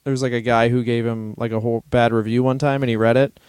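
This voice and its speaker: A man's voice: mid-range voice, flat delivery, quick pace, a little mellow, clear, resonant tone, dry recording. A man co-hosting a comedy podcast, telling stories in casual chat and laughing often. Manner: storytelling, reads out history passages, laughs often.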